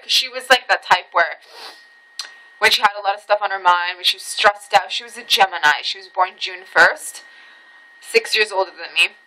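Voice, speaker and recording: A woman vlogger casually telling a personal story, swearing freely and jumping high in pitch at the tense parts. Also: moderate pace, a little hiss or hum, poor audio. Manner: animated, swearing, voice jumps high when reliving tense moments.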